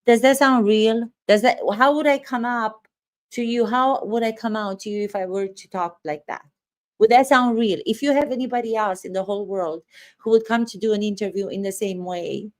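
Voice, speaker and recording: Brief: higher-voiced woman coach reacting to a clip, incredulous, lots of rhetorical questions. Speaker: acting coach. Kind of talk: reaction commentary.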